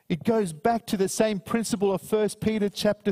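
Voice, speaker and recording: A man's voice: high-pitched, fairly even intonation, warm tone, long reverb tail. A middle-aged man preaching a sermon, earnestly reading scripture and telling a personal story. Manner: earnest, slows down to read scripture. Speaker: minister.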